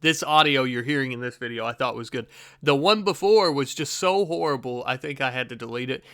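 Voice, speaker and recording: Bright, crisp, self-mocking young man. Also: medium pitch, expressive, a little fast, dry recording, studio quality. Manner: rambling, self-mocking, laughs often. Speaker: channel host reacting to his old video. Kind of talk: casual reaction commentary.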